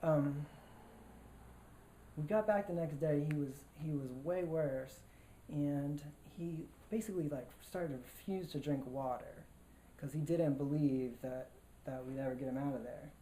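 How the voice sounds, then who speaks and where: A man's voice: on the high side, unhurried, dark tone. A man telling a personal story to a live audience in a casual, slangy way, full of fillers and restarts. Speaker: storyteller on stage. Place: stage in front of an audience. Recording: roomy hall echo, faint room noise.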